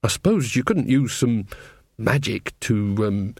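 A man voicing a prim, earnest young queen who speaks slowly and formally. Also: on the low side, expressive, a little mellow, breathy edge, dry recording, clean studio sound, voice pushed down, exaggerated voice. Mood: anxious.

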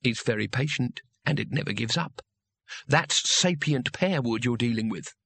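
A man voicing a cowardly, gloomy male wizard who gives quiet, ominous warnings. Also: mid-range voice, moderate pace, creaky, breathy edge, no room sound. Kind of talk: audiobook character voice.

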